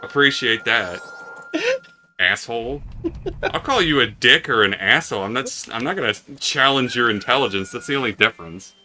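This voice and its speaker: Bright, lively, sardonic young man. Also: mid-range voice, moderate pace, a little hiss or hum. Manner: swearing, sardonic, animated storytelling. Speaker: let's play co-host. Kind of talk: casual gaming chat.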